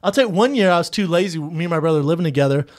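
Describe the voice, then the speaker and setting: A man's voice: fairly high pitch, lively intonation, rapid-fire, darkish tone. Profane laughing storyteller man. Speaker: podcast co-host. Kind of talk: casual storytelling chat.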